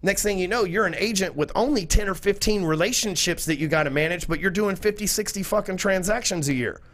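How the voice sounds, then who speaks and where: A man's voice: high-pitched, brisk, fairly bright tone. A man, a podcast guest talking in a blunt, profane, salesy way. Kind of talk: casual chat.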